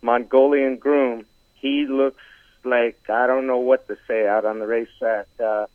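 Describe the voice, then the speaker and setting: A man talking casually as a horse racing analyst guest, halting with lots of fillers and some teasing. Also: medium pitch, level tone, no room sound. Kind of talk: casual phone-in chat. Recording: tinny dry phone line.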